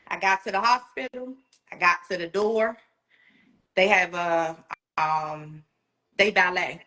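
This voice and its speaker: A woman with a bright, forceful voice recounts a painful personal story. She tells it in an animated way and jumps into the voices of the people she quotes. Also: medium pitch, takes it slowly. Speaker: guest.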